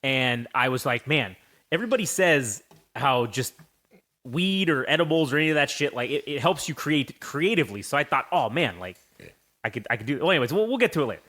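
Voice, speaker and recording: A young man hosting a casual podcast, telling stories in a profane, animated way. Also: mid-range voice, brisk. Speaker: podcast host.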